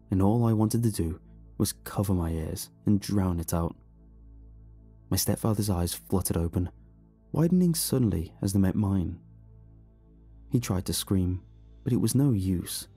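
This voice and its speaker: A man reading a horror story aloud in a slow, hushed, brooding way. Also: fairly low pitch, slightly rough. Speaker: narrator. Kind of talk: scripted horror narration.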